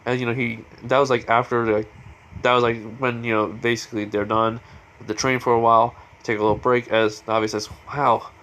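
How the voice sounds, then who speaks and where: A man's voice: medium pitch, flat delivery, fairly quick, a bit bright. Rambling man retelling a fan story. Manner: rambling, full of fillers.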